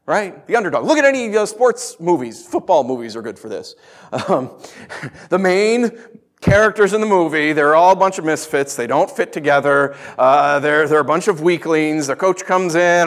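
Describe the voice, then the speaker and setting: This sermon comes from a man whose voice runs on the high side, speaking at normal speed. He preaches in an animated, conversational way, peppering it with rhetorical questions.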